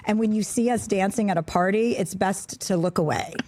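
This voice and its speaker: Jersey woman guesting on a talk show, dry deadpan jokes, middle pitch. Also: fairly quick. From New Jersey. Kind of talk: casual chat.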